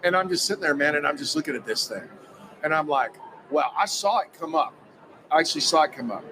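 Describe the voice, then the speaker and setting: Man in a slightly high register, excitable storyteller who acts out the voices in his own anecdote, faint background noise. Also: fast talker, a faint crowd, rough recording. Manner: acts out quoted dialogue, excitable, emphatic. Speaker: guest recounting a personal experience. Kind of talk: animated spoken storytelling.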